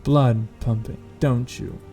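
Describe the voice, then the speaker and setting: A man's voice: mid-range voice, fairly even intonation, slow pace, vocal fry, warm tone, faint music behind. A man playing a vain, seductive pale woman. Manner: sultry, self-admiring purr.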